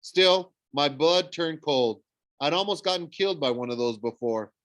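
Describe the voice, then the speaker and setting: A man reading a novel aloud, animated, with frequent slips and self-corrections. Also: fairly high pitch, normal speed, dry recording. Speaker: audiobook reader. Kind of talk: storybook read-aloud narration.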